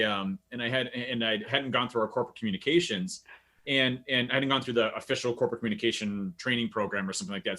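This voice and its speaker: A man's voice: mid-range voice, bright, forceful tone. A man on a video call telling a story in a casual, amused way that rambles with many restarts. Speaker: guest.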